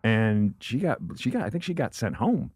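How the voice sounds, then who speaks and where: A man's voice: on the low side, very animated, darkish tone, husky, no room sound. Chatty male co-host, dry studio mic. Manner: chimes in with quick reactions and laughs. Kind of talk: casual chat. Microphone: studio microphone.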